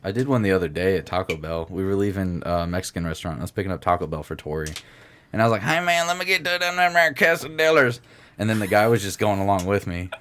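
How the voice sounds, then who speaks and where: Deep-voiced man telling profane stories. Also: fast. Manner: profane storyteller who laughs at his own stories. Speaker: podcast host. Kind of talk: casual comedy podcast chat.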